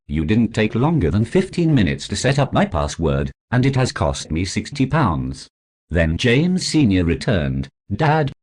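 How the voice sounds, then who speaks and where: A man narrating a first-person story aloud in a steady, read-aloud way. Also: deep voice.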